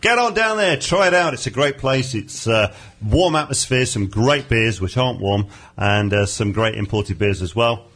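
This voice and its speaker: A man's voice: medium pitch, expressive, moderate pace, few pauses, fairly bright tone. A man hosting a casual comic radio chat show, joking and laughing with his co-host. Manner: jokey, laughing, playful banter.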